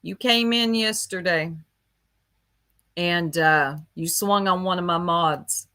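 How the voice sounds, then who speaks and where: Slow, bright-voiced gossipy woman streamer. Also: on the low side. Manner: chatty, gossipy, laughs often, greets viewers by name. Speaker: livestream host. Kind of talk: casual livestream chat.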